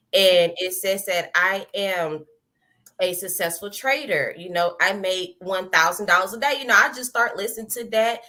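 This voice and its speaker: A woman giving a testimony, telling her story in a lively way, acting out her own past words and laughing often. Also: medium pitch. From American South. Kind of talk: animated personal storytelling.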